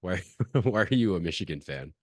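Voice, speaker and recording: A man's voice: deep voice, expressive, moderate pace, no echo, studio quality. A young man as a podcast guest, talking in a laid-back, casual way and swearing freely.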